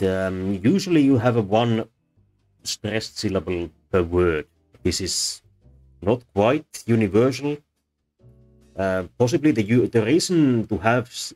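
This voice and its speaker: A man with a very deep voice talks through a lesson in a thoughtful, halting way, pausing often with fillers. Soft instrumental music plays faintly behind him. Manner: thoughtful, hesitant with many fillers. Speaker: presenter. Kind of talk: unscripted explanatory lecture.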